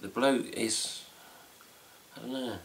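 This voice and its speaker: A man's voice: medium pitch, takes it slowly, creaky, fairly bright tone, slight background noise. A middle-aged man with an English accent, rambling casually to camera at home as host of a fan news video, swearing lightly as he goes. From England. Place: home room with cats.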